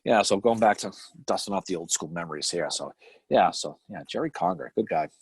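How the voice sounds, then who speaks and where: A man's voice: deep voice, very animated, fairly quick, vocal fry, breathy edge, no room sound. Rambling middle-aged man with a Boston accent. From Boston area. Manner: rambling, swears freely, laughs often. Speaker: podcast co-host. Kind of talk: casual live-stream chat.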